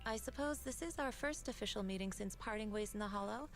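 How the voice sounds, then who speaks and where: An actress voicing a calm, composed young woman mystic in a game, speaking in a measured, formal way. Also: mid-range voice, lightly acted. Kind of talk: game voice acting. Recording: game audio with faint music.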